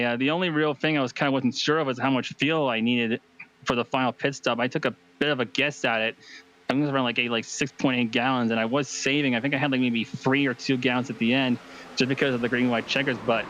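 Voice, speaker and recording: A man being interviewed after winning a sim race, talking excitedly and rambling with fillers. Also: medium pitch, poor audio. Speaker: race winner.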